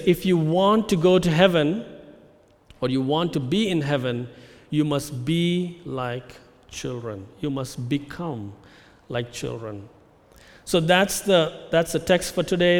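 Emphatic male preacher in a reverberant hall. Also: fairly high pitch. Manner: measured, emphatic preaching with slowed key phrases. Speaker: pastor. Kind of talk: expository sermon.

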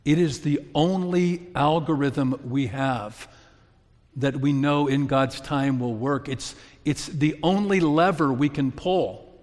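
A man preaching a sermon as pastor, earnest, building to emphatic peaks and falling back to soft, low passages. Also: slow. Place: church sanctuary. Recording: long reverb of a large hall.

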